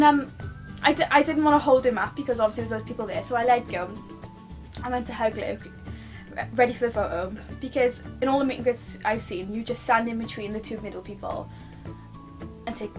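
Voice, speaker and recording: A woman's voice: on the high side, brisk, music in the background. A young British woman telling a personal story to her camera at home, gushing and rambling with lots of restarts. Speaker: vlogger.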